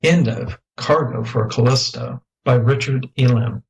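A man narrating a children's adventure story as an audiobook, even and unhurried. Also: mid-range voice, creaky, low-quality recording. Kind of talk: scripted narration.

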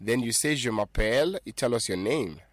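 A man's voice: mid-range voice, animated, a little fast. A man hosting a call-in radio lesson, patiently coaching callers to repeat phrases and laughing easily. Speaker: radio host teaching French.

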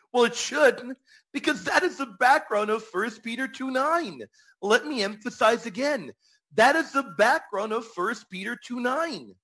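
A man hosting a live religious radio show, explaining arguments emphatically and giving enthusiastic shout-outs to viewers with casual slang. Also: on the high side, husky. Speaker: Catholic radio show host.

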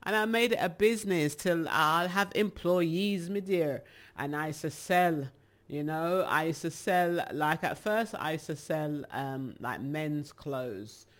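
A woman with a British accent, chatting casually to her viewers as a rambling, animated storyteller. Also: deep voice, measured pace. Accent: British English. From England. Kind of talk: casual chat.

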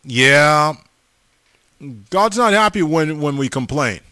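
A man's voice: a little high, lively intonation, slow pace, pushed and bright, clean tone, dry recording, studio quality. A man in his forties preaching a sermon, emphatic, with stammering restarts and repeated calls to his listeners.

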